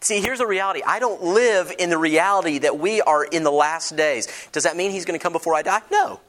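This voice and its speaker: A man preaching a sermon to a congregation, swinging between booming declarations and hushed near-whispers, with humorous personal stories and questions to the listeners. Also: fairly quick. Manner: dramatic shifts from loud to hushed, storytelling with humor. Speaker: pastor.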